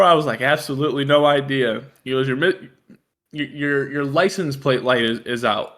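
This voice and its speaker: A man's voice: medium pitch, moderate pace, a bit bright. A young man co-hosting a casual podcast, telling a story with a swearing, self-mocking humor. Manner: storytelling, laughs at himself, swears freely. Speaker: podcast co-host. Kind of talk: casual chat.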